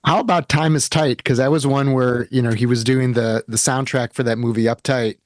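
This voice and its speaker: A man's voice: medium pitch, fairly even intonation, moderate pace, no room sound, studio quality. A man hosting a podcast, asking conversational, somewhat hesitant questions. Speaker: podcast host. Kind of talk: interview questions.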